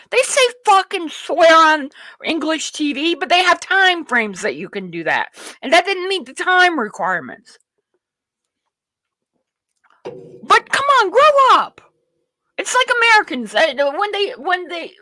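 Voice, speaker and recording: A woman host with a high, bright voice ranting bluntly through a livestream commentary. She curses freely and rambles with restarts. Her pitch swings all over the place while she keeps an unhurried pace. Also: no room sound. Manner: rambling with restarts and self-talk. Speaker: show host.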